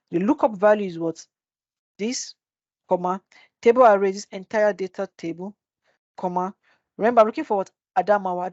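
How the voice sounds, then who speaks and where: A woman's voice: mid-range voice, mellow, no room sound. A woman teaching a live spreadsheet tutorial, often posing "which is what?" questions and answering them herself. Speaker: Excel instructor. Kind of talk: live screen-share tutorial. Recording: dull dry webinar audio.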